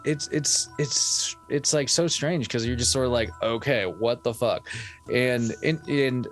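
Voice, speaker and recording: A man's voice: medium pitch, steady tone, measured pace, a bit bright, faint music behind. A man co-hosting a podcast, recapping a horror film in rambling, profane chat with lots of giggling. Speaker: podcast co-host. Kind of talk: casual movie review chat.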